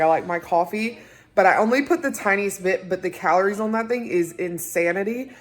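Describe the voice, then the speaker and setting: A young woman, chatting and rambling casually to her phone camera at home as a mother and vlogger. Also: medium pitch. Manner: chatty, rambling, warm toward viewers. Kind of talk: casual vlog chat to camera. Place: at home indoors. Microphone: handheld phone camera.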